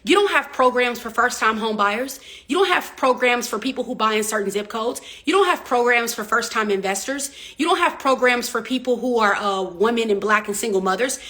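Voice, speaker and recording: High-voiced woman preaching real estate motivation. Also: expressive, brisk, few pauses, bright, forceful tone, no echo. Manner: preachy, emphatic, repetitive call-and-response. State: getting out of breath. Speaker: real estate coach and agency owner. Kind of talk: motivational livestream talk.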